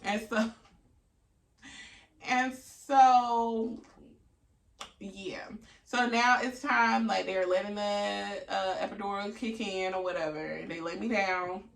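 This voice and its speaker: A woman vlogger telling a story in a casual, theatrical, animated way, swearing freely. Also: medium pitch, slow pace, gravelly, pauses often. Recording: echoey room, distant mic.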